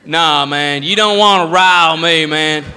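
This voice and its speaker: Comedian doing a drunk, boasting redneck brawler. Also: male voice, fairly high pitch, a little slow, pushed and bright, clear, resonant tone, big-room sound. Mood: boastful. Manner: swaggering, threatening, repeats "man".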